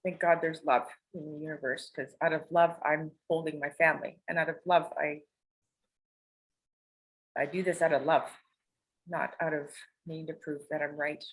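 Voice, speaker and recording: A woman's voice: sits low, level tone, normal speed, long pauses, rough recording. A woman telling personal stories as a podcast guest, rambling, emotional and confessional, with casual swearing. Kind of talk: candid personal storytelling.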